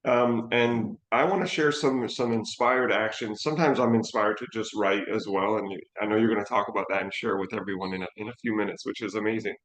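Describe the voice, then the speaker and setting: A man's voice: fairly low pitch, brisk, few pauses, roomy sound, poor audio. A man in a casual chat telling personal stories with energy, acting out his own reactions as he goes. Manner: animated storyteller, acts out his own reactions. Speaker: financial educator and co-host.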